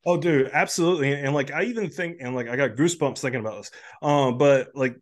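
A man's voice: medium pitch, quick pace. A man in his thirties, a health coach guest, talking candidly in a casual podcast conversation, full of "like" and "um" and emotional at times. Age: 30s. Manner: candid, filler-heavy, many "like" and "um".

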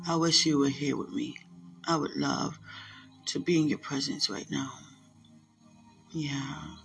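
A man hosting a podcast, speaking an emotional spiritual monologue in a halting way, often repeating himself and sighing. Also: on the high side, fairly even intonation, gravelly, faint music behind. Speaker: podcast host.

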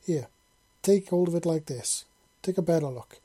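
A reader voicing a mischievous human man who calms his partners in a lifted, reassuring tone. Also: medium pitch, normal speed, slightly rough, lightly acted.

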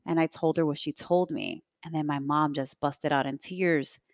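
A woman's voice: sits low, fairly even intonation, normal speed, dry recording, studio quality. A young adult woman hosting a podcast, telling a personal story in a reflective, conversational way with many fillers. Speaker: podcast host.

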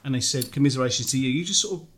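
A British man interviewing a guest in a relaxed, conversational and reflective way. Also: mid-range voice, very fast, a little hiss or hum. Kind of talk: casual interview chat.

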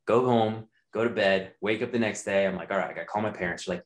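Low-voiced young man, roomy sound. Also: quick pace, slight background noise. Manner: candid, profane, loose storytelling. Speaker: guest telling a personal story. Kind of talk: casual storytelling. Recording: roomy echo.

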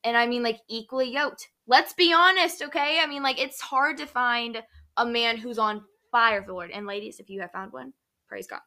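Bright, chatty young woman host. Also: on the high side, steady tone, brisk. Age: young adult. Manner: chatty, heavy use of "like", upbeat. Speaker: podcast host. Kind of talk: casual faith chat.

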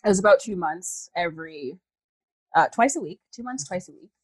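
Female actor as guest, casual chat, lower voice, dry close sound, lively with quick asides. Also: breathy edge, no echo, rough recording. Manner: animated storyteller, laughs, puts on voices. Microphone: video call.

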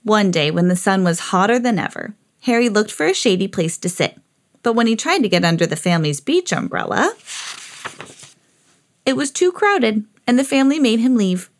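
Lively mom reading a storybook aloud. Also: female voice. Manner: expressive, jumps high for quoted characters. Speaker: podcast host reading a picture book aloud. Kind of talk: read-aloud storybook narration.

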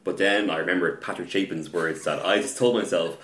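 A man telling a story about a card game match in casual podcast chat, halting and repeating words, getting animated as the story builds. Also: low voice, roomy sound.

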